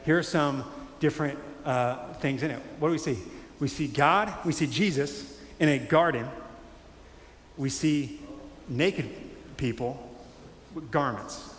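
A man preaching a sermon in a conversational, animated way, acting out quotes. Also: on the high side, unhurried. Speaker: pastor. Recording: echoey hall with faint ambience.

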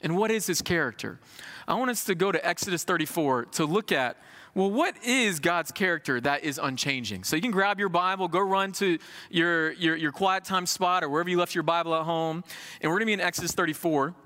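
Male preacher, thirties, high forceful voice, conversational sermon in a hall with long reverb. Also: fairly quick. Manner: animated, conversational preaching with folksy asides.

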